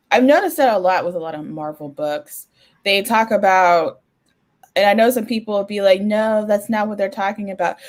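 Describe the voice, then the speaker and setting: A young woman co-hosting a podcast, chatting casually with restarts and frequent laughter. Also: mid-range voice. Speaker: podcast co-host.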